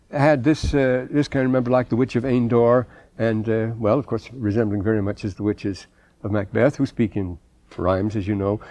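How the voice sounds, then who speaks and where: A man's voice: medium pitch, mellow, no room sound. Wry, rambling male lecturer. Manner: digressive, wry, quotes German and Shakespeare freely; frequent restarts and repeated words. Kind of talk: classroom scripture lecture.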